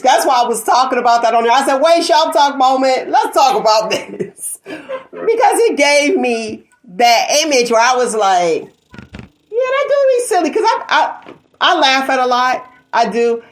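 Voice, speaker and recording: A woman's voice: high voice, expressive, normal speed. A woman hosting a talk show, chatting casually, laughing often and acting out quoted asides. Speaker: show host. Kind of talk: casual chat.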